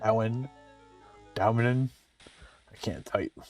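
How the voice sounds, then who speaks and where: A man's voice: on the low side, drawn-out words, darkish tone, distant mic, soft background music. A man casually commenting on his own game playthrough. He reads the game's text aloud and adds joking asides. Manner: offhand, chatty, joking asides. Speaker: game streamer.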